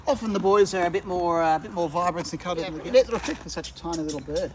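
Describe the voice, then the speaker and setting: A man's voice: high voice, rapid-fire, darkish tone, slight background noise. A man acting as a wildlife guide, explaining birds in an informal way with plenty of ums. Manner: informal, hesitant with fillers. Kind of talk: tour guide commentary.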